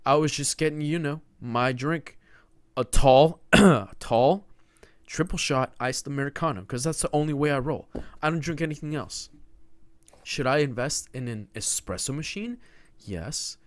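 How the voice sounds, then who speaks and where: A man's voice: a little high, normal speed, no echo. Young man, podcast host, rambling solo chat, self-mocking jokes, dry close sound. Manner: rambling, joking, self-mocking, says dude a lot. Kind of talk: casual solo monologue.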